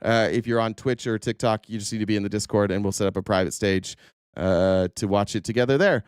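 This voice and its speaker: A man hosting a political livestream, full of sarcasm and swearing as he rants and reads out viewer comments. His voice is smooth and resonant, a little worn, with a dry, close sound and no room echo. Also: fairly low pitch, steady tone, fairly quick. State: voice a bit worn. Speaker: livestream host. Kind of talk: casual political livestream rant.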